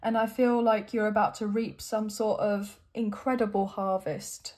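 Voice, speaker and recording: Soft-toned woman giving an encouraging tarot reading. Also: mid-range voice, steady tone, a little slow. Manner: warm, encouraging, emotional, gets choked up. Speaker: tarot reader.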